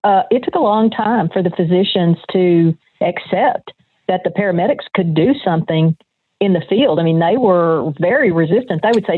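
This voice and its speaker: A woman's voice: lowish voice, moderate pace, no room sound. Older woman on a tinny phone line. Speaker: guest, retired nurse. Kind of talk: conversational interview.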